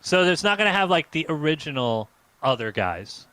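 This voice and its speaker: A man's voice: a little high, very animated, moderate pace, a bit bright, dry recording. A man co-hosting a comedy live stream, telling a rambling story in casual chat with lots of fillers. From United States.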